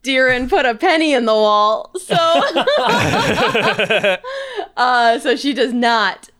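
A woman's voice: sits high, big pitch swings, very slow, a bit bright. A woman playing a tabletop game, chatty and giggly, often apologizing. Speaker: player. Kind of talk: casual tabletop game chat.

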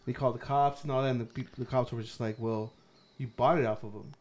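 Male podcast co-host, mid-pitch, understated casual storyteller. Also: steady tone, fast talker, a little mellow.

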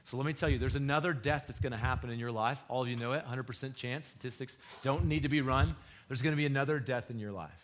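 A pastor preaches a sermon fast, in a conversational, slangy style. He swings between loud bursts and hushed, low retellings of scripture.

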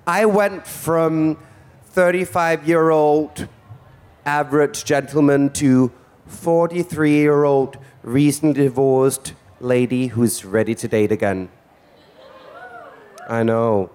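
A man hosting a drag comedy act on stage, his voice sitting a little high. He talks in a flamboyant, theatrical and teasing way. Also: steady tone, slow, darkish tone, clean tone. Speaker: drag performer and show host. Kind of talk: campy stage stand-up. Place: stage before a live audience.

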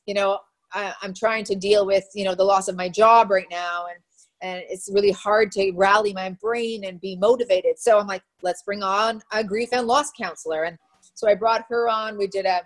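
A woman talking casually in a recorded clip, quick and given to laughing. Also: medium pitch, fairly even intonation.

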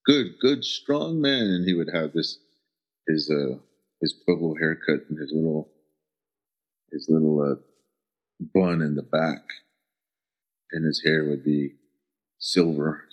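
Very deep-voiced man, earnest and halting. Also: level tone. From American Southwest. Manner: earnest, halting, searching for words. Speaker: interview guest. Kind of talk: reflective personal storytelling. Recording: dull lo-fi recording.

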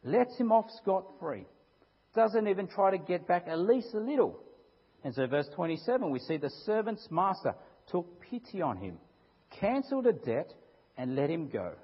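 A man preaching a sermon, telling a parable in an animated way and asking his listeners rhetorical questions. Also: high voice, normal speed, slightly rough. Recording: echoey hall, dull lo-fi sound.

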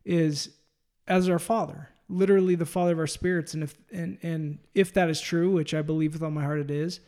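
A man hosting a faith-based interview, speaking in an earnest, heartfelt way with frequent halting restarts. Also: fairly high pitch, steady tone, dark tone. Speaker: podcast host.

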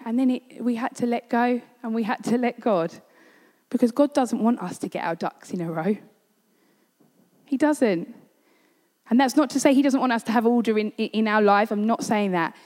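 A woman preacher earnestly shares a personal story during a sermon. Her fairly high, slightly mellow voice moves at a normal speed, trailed by a long hall reverb.

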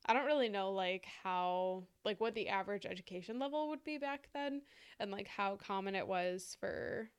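A woman's voice: mid-range voice, moderate pace, clear, resonant tone, muffled recording. A woman co-hosting a casual podcast, chatting with frequent "like" and "um" fillers. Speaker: podcast co-host. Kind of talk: casual conversational chat.

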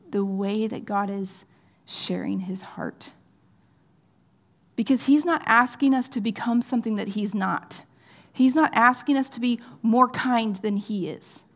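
A woman giving an earnest, conversational sermon, often checking in with "right?" and sometimes dropping to a soft, near-whispered tone. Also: fairly high pitch. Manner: drops to soft, near-whispered phrases at times. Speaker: pastor.

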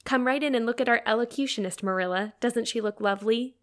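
A woman reading aloud, voicing a gentle, admiring teenage girl friend. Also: fairly high pitch, fast, close to an everyday voice. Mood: fond.

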